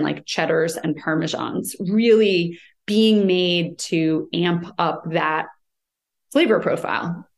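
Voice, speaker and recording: An American woman who writes about cheese, explaining at length in a conversational interview, with many fillers and restarts. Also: on the low side. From United States.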